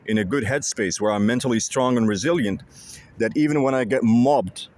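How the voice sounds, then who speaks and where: A man vlogging outdoors by a lake, speaking to his viewers in an intense, repetitive and profane way. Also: medium pitch. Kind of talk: casual monologue to viewers.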